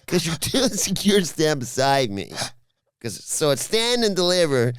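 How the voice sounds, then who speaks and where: A man's voice: on the low side, very animated, normal speed, vocal fry, fairly bright tone, dry recording, clean studio sound, full character voice. A man voicing a brash, defensive young female wrestler who drawls and keeps saying dude and bro. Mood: indignant.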